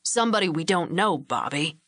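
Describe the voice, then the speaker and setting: A woman's voice: fairly low pitch, expressive, fairly quick, fairly bright tone, dry recording, clean studio sound. A woman voicing a stern, middle-aged rancher father who speaks in curt commands.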